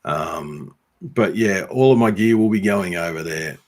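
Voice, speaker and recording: A man with an Australian accent reads out and answers viewer comments in a relaxed, unhurried way. His voice sits low, and he fills his pauses with ums and teases people by name. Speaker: YouTube homesteader and blacksmith answering viewer comments. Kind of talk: casual livestream chat.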